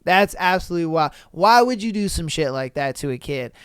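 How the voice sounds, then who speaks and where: A man talks through a solo podcast in loose, slangy chat, swearing freely and breaking into laughter. His voice is clear and resonant. It sits close and dry on the mic. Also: fairly high pitch, animated, a little fast, a bit bright, no echo. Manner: slangy, profane, exclamatory, laughs often. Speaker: podcast host. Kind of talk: casual solo podcast commentary.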